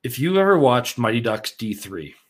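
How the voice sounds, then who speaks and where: Excitable man chatting about hockey. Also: medium pitch, moderate pace. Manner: excitable, swears, animated storytelling. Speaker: podcast co-host. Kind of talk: casual sports chat.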